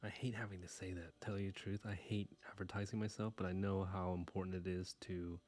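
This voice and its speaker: Deep-voiced Texan man chatting while drawing. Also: flat delivery, brisk, a little mellow. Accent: Texas. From Houston, Texas. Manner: rambling, self-deprecating, mutters to himself. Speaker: livestream artist. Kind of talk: casual live-stream chat while drawing.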